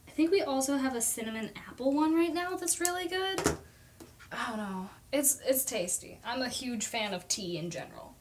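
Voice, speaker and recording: A young woman from Oklahoma hosting a casual live stream at home, talking fast and rambling chattily. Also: high-pitched, animated, slight background noise. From Oklahoma, USA. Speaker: livestream host. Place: at home at her desk.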